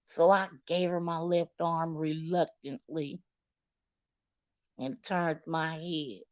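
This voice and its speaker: Slow, candid woman telling a story. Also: lowish voice, darkish tone, no room sound, lo-fi sound. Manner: candid, dramatic, cursing, addresses viewers directly. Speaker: storyteller vlogger. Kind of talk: storytime recounting.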